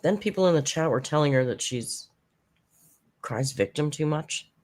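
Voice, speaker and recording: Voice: medium pitch, expressive, moderate pace, darkish tone. A commentary channel host recapping a livestream in a chatty, sarcastic tone, with mocking asides.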